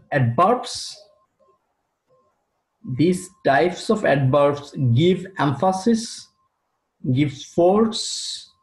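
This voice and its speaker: A man teaching an English grammar lesson, speaking slowly and deliberately and repeating key terms for his students. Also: fairly high pitch, a little mellow. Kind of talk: recorded classroom lecture. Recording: roomy echo.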